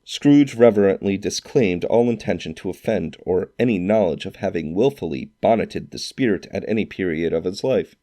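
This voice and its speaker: A man reading a classic novel aloud as narrator, in an expressive storytelling manner. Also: low-pitched, normal speed, few pauses. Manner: expressive storytelling, acts out quoted lines.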